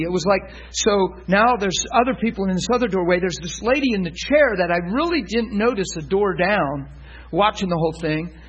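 A preacher with a high, husky voice tells a testimony story to his listeners. He acts out the people he quotes and swings from loud bursts to hushed, tender passages. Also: lo-fi sound. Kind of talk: sermon testimony.

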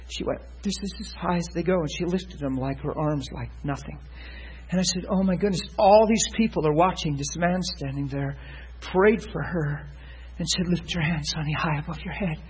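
A man preaching, telling a testimony story in an animated way, acting out the people he quotes and swinging from loud to hushed. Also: fairly high pitch, poor audio. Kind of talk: sermon testimony.

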